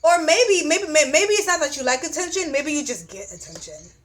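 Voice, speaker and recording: A woman's voice: high voice, lively intonation, fairly quick, fairly bright tone. A young woman giving a casual astrology reading, blunt and profane, often repeating "you know what I'm saying.". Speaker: astrology reader.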